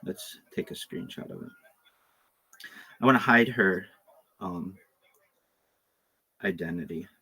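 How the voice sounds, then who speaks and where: A man's voice: low voice, takes it slowly, pauses often, sharp tone, husky. A man talking on a livestream in a rambling, joking, crude monologue full of asides.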